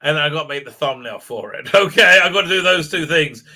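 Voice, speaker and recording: A man's voice: fairly high pitch, lively intonation, fairly quick, sharp tone. A man hosting a casual live stream, talking in a rambling way with many fillers, restarts and frequent laughs. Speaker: livestream host.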